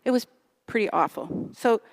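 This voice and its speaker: A woman's voice: on the high side, expressive, normal speed. A woman in her fifties giving a conversational sermon in a church, chatty and self-deprecating, often asking the audience questions. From Canada. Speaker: guest speaker. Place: church sanctuary.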